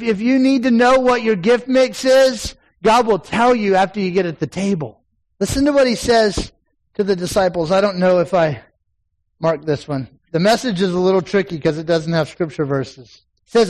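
A man's voice: high-pitched, expressive, normal speed, low-quality recording. A man in his forties preaching a sermon in a church, telling folksy personal stories and building to emphatic points. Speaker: pastor. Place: church sanctuary with a congregation.

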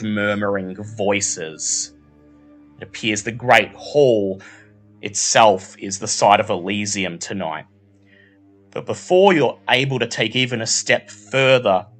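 A man narrating scenes as game master of a tabletop role-playing game, in a measured, descriptive way. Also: lowish voice, a bit bright.

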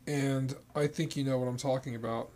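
A man's voice: medium pitch, fairly even intonation, fairly quick, a little mellow. A man co-hosting a casual chat, profane and given to mock-outraged rants. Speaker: podcast co-host.

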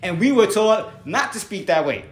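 Relaxed middle-aged man, roomy sound. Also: high-pitched, normal speed, a little hiss or hum. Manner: relaxed, frequent "you know" fillers. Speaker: former teacher and assistant principal. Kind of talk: casual conversational storytelling. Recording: roomy echo.

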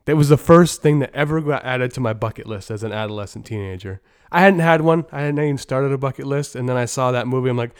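A man hosts a casual movie review podcast, giving blunt, opinionated takes with jokes and the odd curse. His voice is smooth and clear, sitting at a middle pitch. The sound is dry and close, with no room echo. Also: fast talker, few pauses. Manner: opinionated, blunt, joking, with profanity. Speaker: podcast host.

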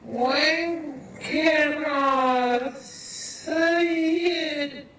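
A man voicing a hesitant flat-hunter who answers in short murmured words. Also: very high voice, drawn-out words, noisy background, pitched above the performer's own voice, exaggerated voice. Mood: timid. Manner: hesitant, mostly murmured replies.

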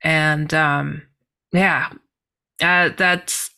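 Bright-voiced woman telling an animated story. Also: low voice, very slow, clean tone. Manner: animated, laughing, exclaiming. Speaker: guest author. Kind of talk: personal storytelling.

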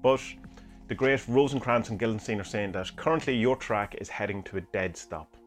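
A man's voice: on the low side, moderate pace, faint music behind. A man hosting a podcast, musing aloud through listener questions in a rambling way with many hesitations. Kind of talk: casual chat reading omens from books.

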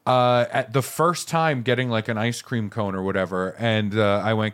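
A man's voice: fairly low pitch, fairly even intonation, normal speed, fairly bright tone. A man from Connecticut co-hosting a comedic podcast in casual chat, acting out little exchanges in put-on voices. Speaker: podcast co-host.

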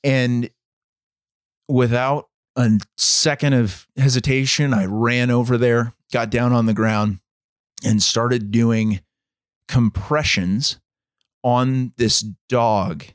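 A man co-hosting a podcast, telling a story in a measured, dramatic way. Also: medium pitch, steady tone, no room sound, studio quality. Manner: measured, dramatic storytelling, acts out quoted voices. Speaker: podcast co-host. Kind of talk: storytelling in casual chat.

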